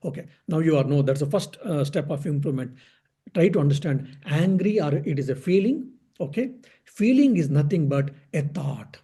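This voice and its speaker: A male monk gives a spiritual discourse in a husky, mellow voice that sits a little high for a man. He teaches patiently, poses questions to his listeners, answers them himself and repeats his key phrases for emphasis. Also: expressive, normal speed.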